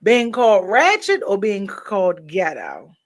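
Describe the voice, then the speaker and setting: A woman's voice: mid-range voice, wildly swooping pitch, a little slow. A sleepy woman hosting a casual livestream, chatting straight to her viewers and jumping from topic to topic as she yawns. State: sleepy, yawning. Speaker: livestream host. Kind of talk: casual live-stream chat.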